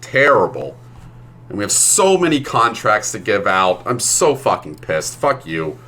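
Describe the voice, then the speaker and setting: Low-voiced man ranting on a stream. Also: sing-song, a little slow, sharp tone. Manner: profane, ranting. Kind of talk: casual chat while streaming a game.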